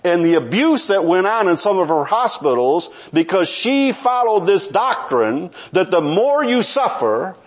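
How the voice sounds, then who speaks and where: Male pastor, high voice, conversational sermon delivery with frequent restarts. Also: sing-song, unhurried, hardly any pauses.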